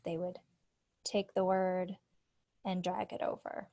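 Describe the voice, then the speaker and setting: A woman's voice: on the low side, level tone, slow, pauses often, mellow. Woman explaining teaching activities. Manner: friendly, explanatory, with frequent fillers. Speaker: speech-language pathologist presenting to teachers. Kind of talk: conference presentation, screen-share walkthrough.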